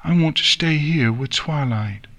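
A man reading an audiobook and voicing a small frightened filly pony with a high, wavering, tearful voice. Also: a little slow, fairly bright tone. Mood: pleading.

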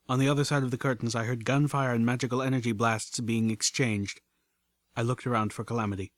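A man narrating a first-person adventure story in a steady, measured reading. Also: medium pitch, dry recording. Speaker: audiobook narrator.

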